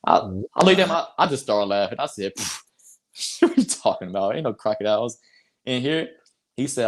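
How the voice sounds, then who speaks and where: A man's voice: on the low side, big pitch swings, normal speed. A young man from North Carolina, a basketball player telling a story in a casual interview, acting out quotes and laughing.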